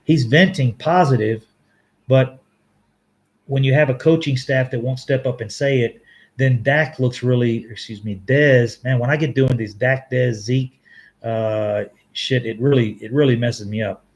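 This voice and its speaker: A man hosting a casual live-stream sports talk and reading viewer comments. He rambles with halting restarts and frequent self-corrections, and laughs easily. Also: medium pitch. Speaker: fan show host reading live chat.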